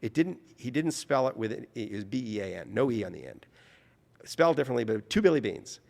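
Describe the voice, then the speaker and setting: A man from New Orleans, an author telling an anecdote in conversation, lively and acting out the people he quotes. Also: mid-range voice, quick pace, vocal fry, big-room sound. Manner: animated, mimics voices in his anecdotes. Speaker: author guest. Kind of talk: conversational storytelling.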